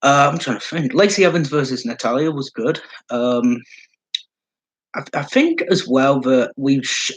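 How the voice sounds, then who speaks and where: A man's voice: medium pitch, low-quality recording. A man giving casual solo commentary as a wrestling fan vlogger, rambling and swearing, with lots of fillers.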